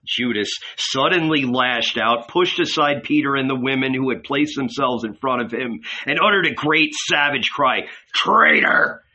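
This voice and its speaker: A man narrating an audiobook of a novel in a slow, deliberate manner. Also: medium pitch, pushed and bright, dull audio.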